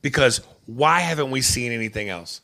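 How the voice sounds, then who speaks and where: Lively, gravelly man chatting. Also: medium pitch, moderate pace. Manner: animated, opinionated, profane. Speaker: podcast co-host. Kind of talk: casual chat.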